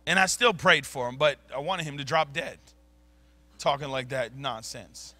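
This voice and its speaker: A man preaching a sermon, telling stories in casual slang and swinging from low mutters to loud bursts. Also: moderate pace. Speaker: pastor. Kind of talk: sermon storytelling. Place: church sanctuary.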